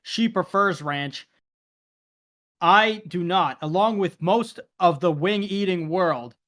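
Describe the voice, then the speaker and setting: Brief: man, podcast co-host, high pitch, animated chatty storyteller. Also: takes it slowly. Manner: animated storytelling, acts out quoted exchanges. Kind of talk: casual chat.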